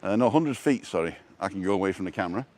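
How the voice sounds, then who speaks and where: With a low, darkish voice, the male host talks quickly and with animation. He's out on a seafront promenade for a casual walking vlog, reading viewer comments aloud via a wireless lapel mic.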